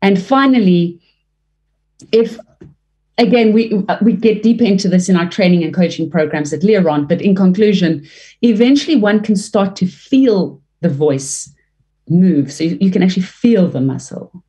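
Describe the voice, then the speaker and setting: Mellow-voiced woman voice coach. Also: normal speed. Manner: expressive, varies pitch and pace to demonstrate; fluent with frequent restarts. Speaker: leadership trainer and voice coach. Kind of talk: interview answers, coaching advice.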